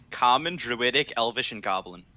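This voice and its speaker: A man playing a tabletop game, excitable and drawn-out in how he reacts. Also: medium pitch. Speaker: player. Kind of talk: casual tabletop play.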